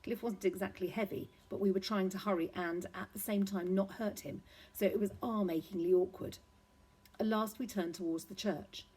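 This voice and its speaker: A woman reading a children's novel aloud, steady and expressive. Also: medium pitch, moderate pace, breathy edge, low-quality recording. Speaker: reader.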